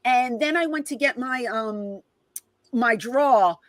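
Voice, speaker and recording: A middle-aged woman tells stories as an interview guest, and she acts out whole conversations as she goes. Her voice sits a little high for a woman. The sound is dry and close, with almost no room around it. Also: takes it slowly, dry recording, poor audio. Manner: animated, reenacts conversations with quoted voices. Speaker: guest, former wrestling personality. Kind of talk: casual storytelling in an interview.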